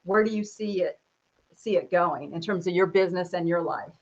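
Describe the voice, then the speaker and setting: A woman's voice: lowish voice, moderate pace, darkish tone. A woman hosting an interview show, chatting in an enthusiastic, affirming way. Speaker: host. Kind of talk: conversational interview. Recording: dull lo-fi sound.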